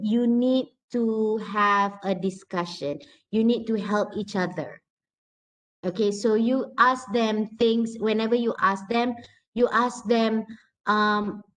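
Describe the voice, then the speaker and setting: A woman gives an online lesson in a slightly high voice. She talks in a chatty, lively way and acts out short sample conversations to show her students how to speak. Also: low-quality recording. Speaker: lecturer. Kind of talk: online class lecture.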